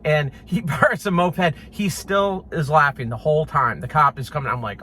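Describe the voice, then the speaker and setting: Man telling a story, slightly high voice. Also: normal speed, slight background noise. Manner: animated, laughs often, mimics horn beeps. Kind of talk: casual anecdote.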